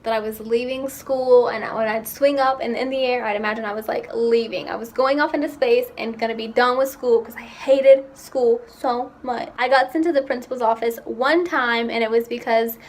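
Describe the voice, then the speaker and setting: A young woman telling stories about herself in a casual, chatty vlog, with quick asides. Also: on the high side, fairly even intonation. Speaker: vlogger. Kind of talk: casual chat.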